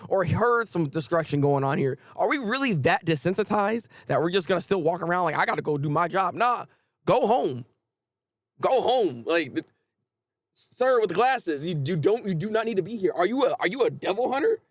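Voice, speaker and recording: A man hosting a casual live manga reaction, chatty and animated, often restarting his sentences. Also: sits high, moderate pace, dry recording, studio quality.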